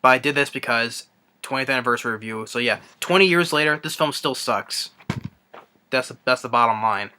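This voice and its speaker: Young man, movie rant, exasperated, stumbling restarts, bright forceful voice. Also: medium pitch, slight background noise. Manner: exasperated, halting, many restarts. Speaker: movie reviewer. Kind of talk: ranting movie review.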